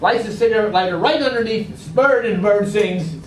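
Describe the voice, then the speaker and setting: An older man telling a long joke to a club audience, animated and acting out the characters' voices. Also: high-pitched, fairly quick. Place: large room at a club meeting. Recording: echoey hall from far off, faint noise.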